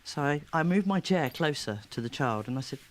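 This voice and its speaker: A woman speaks as a therapist in an interview, spinning her stories with plenty of energy. Her pitch swoops widely as she talks, and she breaks into laughter easily. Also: fairly quick. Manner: lively, animated storyteller who laughs often. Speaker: therapist and child coach. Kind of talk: storytelling interview.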